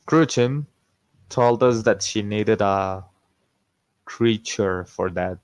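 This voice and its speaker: A man's voice: lowish voice, slow pace, clean tone, no echo. A man playing in an online tabletop game, chatting playfully and laughing often. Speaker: player. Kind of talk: casual role-play chat.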